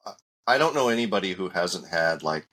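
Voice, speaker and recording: A man co-hosting a podcast, reflecting in a halting way with repeated words. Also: deep voice, expressive, pushed and bright. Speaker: podcast co-host. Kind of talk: casual chat.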